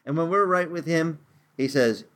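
A man teaching the Bible informally around a table, animated and conversational, with restarts and asides. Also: moderate pace. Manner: animated, lively pitch swings, acts out voices in quotes. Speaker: preacher teaching a home Bible study.

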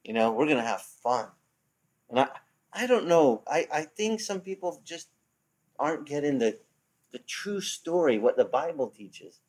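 Animated man teaching a Bible lesson. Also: fairly high pitch, unhurried. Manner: animated, acts out quoted voices, many restarts. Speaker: pastor.

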